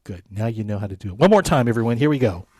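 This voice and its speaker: A man's voice: lowish voice, animated, racing, a little mellow, husky, dry recording, clean studio sound. A man leading a live guitar lesson, counting beats aloud and coaching his students in a friendly way. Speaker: guitar instructor.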